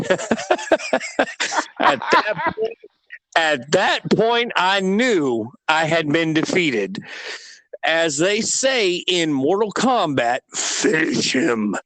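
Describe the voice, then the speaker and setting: A man in his thirties telling a personal story in casual conversation, animated and laughing at himself. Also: high-pitched, extremely slow, pauses often, dry recording. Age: 30s.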